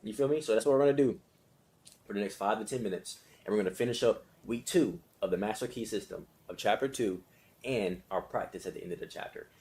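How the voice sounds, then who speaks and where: Guy with a lowish voice explaining stuff casually, keeps repeating, asks "you feel me", laughs here and there. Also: fast talker, darkish tone. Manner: conversational, repetitive, with frequent check-ins; laughs between phrases. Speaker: self-help study leader. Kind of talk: casual explanation and guided meditation.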